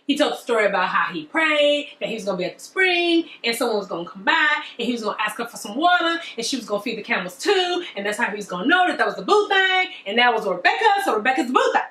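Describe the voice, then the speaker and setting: A woman's voice: a little high, big pitch swings, fast talker, hardly any pauses, pushed and bright. A woman retelling a story in playful, slangy comic style. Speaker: comedic storyteller. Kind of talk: comedic retelling. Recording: roomy echo.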